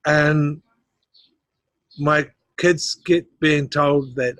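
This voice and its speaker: A man's voice: a little high, fairly even intonation, moderate pace, a bit bright, no room sound. A middle-aged man, a guest in a casual interview, telling his life story with animation, acting out the voices of others and laughing often.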